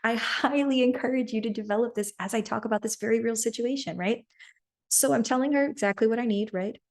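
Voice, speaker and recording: A woman's voice: on the high side, a little fast, a little mellow. A woman podcast host telling a personal story in an earnest coaching manner, often checking in with "right?".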